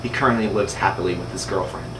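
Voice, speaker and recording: A man narrating a mock documentary in a flat, matter-of-fact manner, recorded from a distance in an echoey room with air conditioning humming. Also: deep voice, fast, noisy background.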